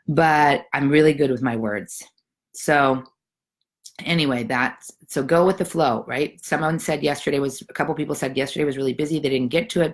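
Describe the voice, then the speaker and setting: A woman with a very deep, low voice hosts an online challenge from her home. She is middle-aged and talks casually and encouragingly, rambling with lots of fillers. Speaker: challenge host. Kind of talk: casual live video talk.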